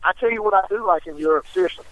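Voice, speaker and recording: A man's voice: high voice, very fast, a bit bright, no room sound, poor audio. Boastful man joking on the phone. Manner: teasing, boastful, drawling. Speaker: guest on the phone. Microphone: phone line.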